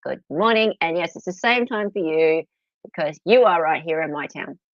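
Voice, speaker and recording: With a low, animated voice at normal speed, a middle-aged Australian woman hosts a casual livestream from her home. She's giggly and talkative as she greets viewers, recorded dry with slightly dull lo-fi quality.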